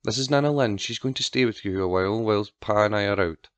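A man voicing a shrill, selfish mother who barks orders and scolds. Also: fairly quick, clean tone, no echo, lightly acted. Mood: scolding.

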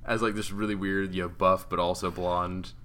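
A man co-hosting a casual wrestling chat, swearing freely and quick to get excited and laugh. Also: deep voice, slight background noise. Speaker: podcast co-host.

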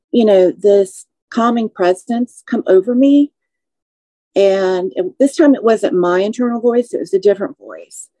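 A woman in her forties, a podcast guest, telling her personal story slowly and with emotion. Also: mid-range voice, dark tone, no room sound, low-quality recording. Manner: measured, slow, emotional recounting.

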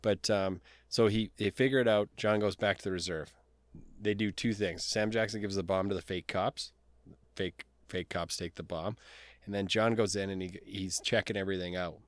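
A man's voice: deep voice, steady tone, normal speed, no room sound. A man co-hosting a movie podcast, eagerly walking through scenes in casual chat. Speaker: podcast co-host.

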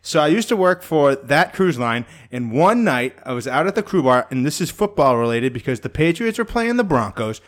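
A man co-hosting a podcast, telling a story in casual chat, animated and laughing as he acts out what people said. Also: a little high, normal speed, few pauses. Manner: animated, laughs through his own story, acts out quotes. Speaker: podcast co-host.

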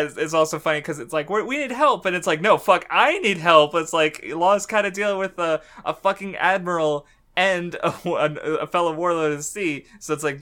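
A man chatting casually as a podcast co-host, excitable, laughing often and swearing freely. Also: on the high side. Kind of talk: casual chat.

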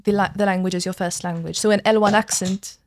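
A woman's voice: medium pitch, steady tone, fast, dry recording. Young woman, Maltese accent, casual podcast chat, rambling with fillers, dry close sound. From Malta. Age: young adult. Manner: chatty, explains at length with many "like" fillers. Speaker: drama school student guest.

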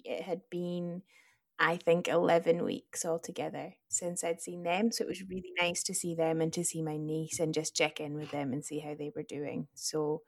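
A woman's voice: on the low side, vocal fry, dry recording, clean studio sound. A young woman with a Scottish accent co-hosting a podcast, chatting casually and laughing often. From Scotland. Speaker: podcast co-host.

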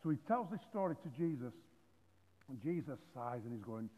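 A man preaching a sermon, animated and joking, with many restarts. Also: mid-range voice, normal speed, a little hiss or hum. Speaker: pastor. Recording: phone-like audio in a reverberant hall.

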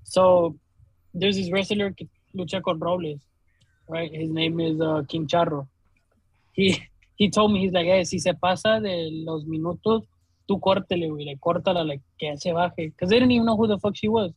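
High, husky young man. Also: moderate pace, no room sound, poor audio. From Laredo, Texas. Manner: animated, swears a lot, laughs while telling stories. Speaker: DJ and podcast co-host. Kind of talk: casual storytelling chat.

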